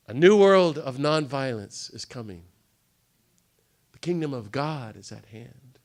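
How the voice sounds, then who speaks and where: A man giving an impassioned talk to a live audience, often jumping into the voices of the people he quotes. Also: mid-range voice. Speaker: speaker on nonviolence. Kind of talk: animated lecture to a live audience. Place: conference hall.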